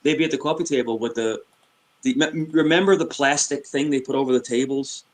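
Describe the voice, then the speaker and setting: A man's voice: mid-range voice, brisk. A man in his fifties with a New York accent, rambling in casual chat and often restarting his sentences. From New York City. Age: 50s.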